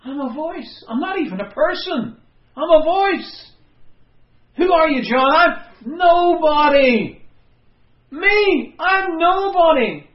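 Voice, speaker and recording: A man's voice: very high-pitched, lively intonation, slow pace, echoey room, muffled recording, voice pushed up, exaggerated voice. A man voicing a humble prophet who declares himself only a voice, preached with fervour. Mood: fervent. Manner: fervent, emphatic. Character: humble male prophet, earnest and self-effacing.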